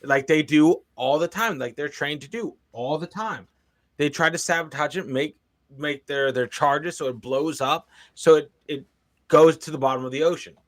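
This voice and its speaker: A man's voice: fairly high pitch, normal speed. A man hosting a reaction video, talking in an amused, rambling way and addressing viewers. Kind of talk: casual reaction commentary.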